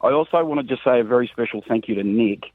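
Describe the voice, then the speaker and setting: A man's voice: medium pitch, fast, no room sound, faint music behind. A man calling in to a radio show, talking earnestly and rambling with plenty of fillers. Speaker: radio caller. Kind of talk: call-in chat. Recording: phone line.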